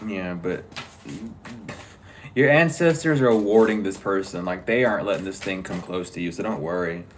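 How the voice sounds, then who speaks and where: A man's voice: deep voice, normal speed, slight background noise. A man giving a casual tarot reading, talking bluntly and joking with frequent swearing. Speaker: tarot reader.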